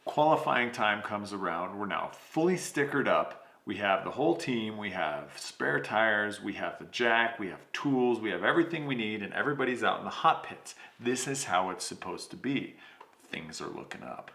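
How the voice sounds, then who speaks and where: A man with a low, gravelly voice and a bright, forceful edge tells a story on his podcast. He talks casually, swears freely and acts out the lines of the people in it. The sound is echoey, as if recorded in a bare room. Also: normal speed. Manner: animated, swears, acts out quotes. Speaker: podcast host.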